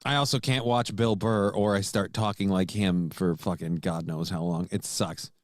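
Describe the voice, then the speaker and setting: A man's voice: sits low, steady tone, moderate pace, no room sound, clean studio sound. A man co-hosting a casual morning talk show, self-deprecating and reluctant, cursing freely.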